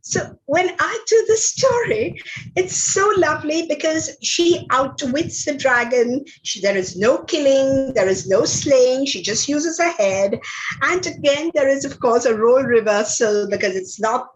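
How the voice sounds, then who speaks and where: Woman lecturer, unhurried, reads a story aloud with big dramatic voice changes; a bit high. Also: a little hiss or hum, low-quality recording. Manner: dramatic, expressive read-aloud with big pitch leaps.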